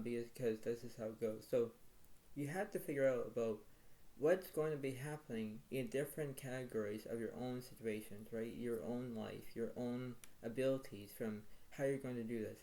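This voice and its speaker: A man's voice: mid-range voice, normal speed, dark tone, rough recording. A man giving a weekly tarot reading, rambling and repeating himself as he names each card. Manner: rambling, repetitive, filler-heavy.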